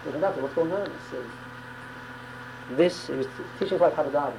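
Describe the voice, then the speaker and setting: A woman's voice: deep voice, rapid-fire, noisy background. A woman teaching a religious class on prayer, talking emphatically and often repeating words and restarting phrases. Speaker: Torah teacher.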